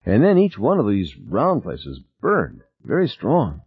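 A man's voice: on the low side, huge pitch swings, a little slow, slightly rough, no room sound, voice pushed up, heavily acted. A man voicing a formal, shaken young woman. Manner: clipped and formal. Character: young woman, formal frightened crew member. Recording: tinny phone-like sound.

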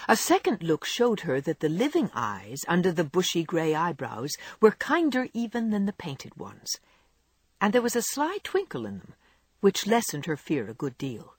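An audiobook narrator reading a classic novel aloud, with a measured and expressive delivery. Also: medium pitch, breathy edge, no room sound. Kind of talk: scripted narration.

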